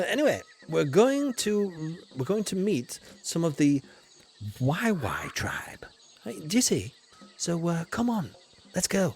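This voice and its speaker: A playful Yorkshire man commentating a game on a livestream, putting on mock-posh airs. His voice sits slightly high and swoops widely, jumping from loud greetings to low mumbles. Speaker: streamer.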